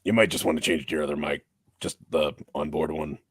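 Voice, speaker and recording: A man with a very low, husky voice chats easily with his co-hosts. He quizzes them and tallies a poll. The sound is dry and close. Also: fairly even intonation, fairly quick, no room sound. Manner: chatty, runs a poll and asks questions. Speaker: podcast host. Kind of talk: casual chat.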